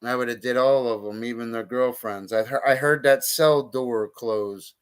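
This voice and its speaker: A man's voice: mid-range voice, fairly even intonation, normal speed, smooth. A man streaming a casual monologue, talking bluntly and profanely with heated outbursts.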